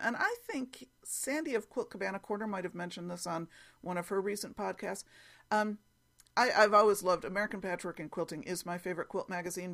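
A woman hosting her own hobby podcast in a chatty, rambling way, often correcting herself as she goes, recorded at home on a computer mic. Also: medium pitch. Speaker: podcast host. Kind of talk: casual chat.

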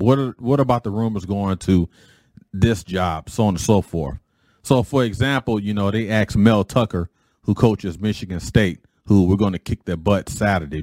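Low-voiced rambling podcast host, a man. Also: darkish tone, no echo. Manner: rambling, repeats himself, paraphrases others. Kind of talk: casual opening monologue.

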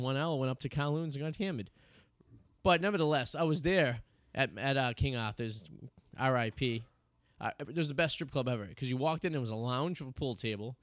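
A man in his thirties hosts a casual podcast, telling long, rambling stories full of restarts and fillers. His medium-pitched voice comes through a studio mic with clean studio sound and no echo.

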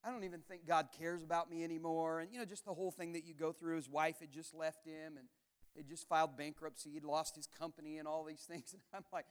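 A man's voice: a little high, steady tone, quick pace, clear, resonant tone. A man preaching a sermon at a church camp, telling a personal story in an earnest, conversational way with frequent restarts. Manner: earnest, conversational, many restarts and stammered repeats. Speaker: pastor.

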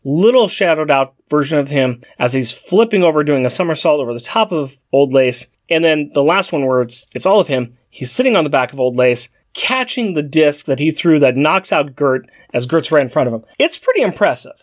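An upbeat man co-hosting a casual podcast chat. His voice sits a little high and swings a lot as he talks. He keeps the segments moving along. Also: lively intonation, a little fast, few pauses. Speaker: podcast co-host.

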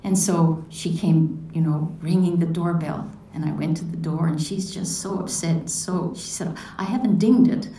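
A woman giving a reflective devotional talk, her voice mellow and a little low. She is heard from a distance in an echoey room, with faint ambient noise behind her. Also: fairly even intonation, a little slow, few pauses. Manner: reflective, asks many questions. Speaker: devotional speaker.

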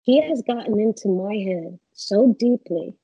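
A woman guest in a casual interview, telling animated stories and acting out what people said. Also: medium pitch, a little slow, husky, dry recording, poor audio. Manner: animated storyteller, acts out quotes.

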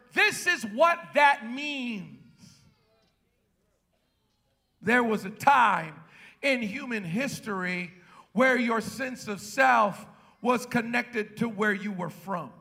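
High, bright-voiced preaching man. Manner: preacherly, swells into shouts, calls to the congregation. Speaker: pastor. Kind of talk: sermon. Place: church.

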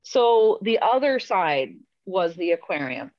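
A woman's voice: medium pitch, very animated, slow pace, no echo. Chatty woman on a muffled call. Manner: chatty, rambling, self-amused. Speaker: podcast guest. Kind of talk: casual storytelling over a video call. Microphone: video call.

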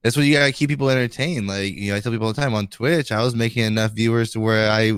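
A man's voice: medium pitch, steady tone, rapid-fire, clear, resonant tone, dry recording, clean studio sound. Laid-back man in casual podcast chat. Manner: laid-back, peppers talk with "you know" and "dude". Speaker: podcast co-host.

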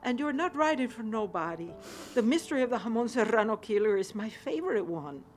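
An actress playing an older, loving mother who speaks softly and reassuringly over background music. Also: fairly high pitch, lively intonation, a little fast, lightly acted. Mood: tender. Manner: gentle, soft-spoken reassurance. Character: loving Spanish mother, older woman, tender and wise.

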